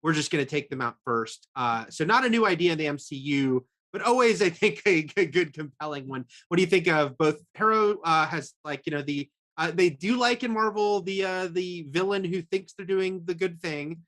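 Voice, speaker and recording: A man co-hosting a casual TV review chat, rambling with many fillers and quick laughs. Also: on the high side, a bit bright. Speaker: film and TV critic co-host.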